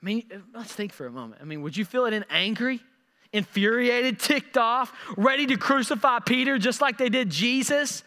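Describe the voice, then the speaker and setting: A man preaching a sermon, animated and repeating words as he acts out scripture quotes. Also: very high-pitched, normal speed, big-room sound. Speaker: pastor.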